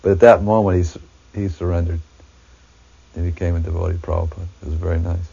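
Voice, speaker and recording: A man reminiscing about past events in a halting way, searching for words as he recalls them. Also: deep voice, little pitch movement, gravelly, mellow, slightly rough. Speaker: devotee recounting memories. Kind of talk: reminiscing storytelling. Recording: dull lo-fi recording.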